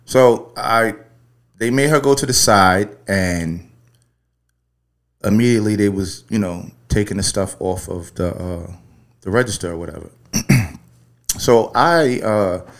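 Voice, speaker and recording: A man's voice: fairly low pitch, fairly bright tone. A man hosting a podcast, telling a story in a loose, rambling way full of profanity before taking a caller. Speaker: podcast host. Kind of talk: casual storytelling and call-in chat.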